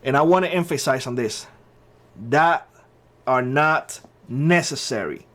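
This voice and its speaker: A man's voice: mid-range voice, measured pace, fairly bright tone. A man hosting his own channel, giving blunt opinion commentary and hammering his points by repeating short phrases. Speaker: channel host.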